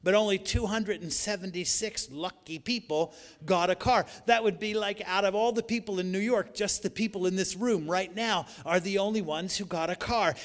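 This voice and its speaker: Male preacher, high voice, emphatic sermon delivery that swells into shouts, hall reverb. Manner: emphatic, rising to shouts on key lines.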